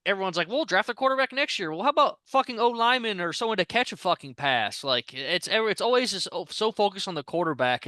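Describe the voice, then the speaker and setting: A man's voice: on the high side, pushed and bright, smooth, dry recording. A man from Ohio, co-host of a podcast, ranting casually with lots of swearing and frustration.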